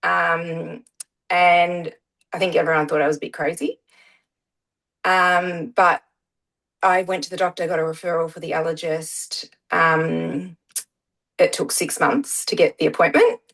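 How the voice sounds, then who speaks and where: A woman's voice: lowish voice, flat delivery, unhurried, pauses often, fairly bright tone, rough recording. A middle-aged woman, telling her story as a guest in a casual interview, with many "um" fillers. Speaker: guest, parent.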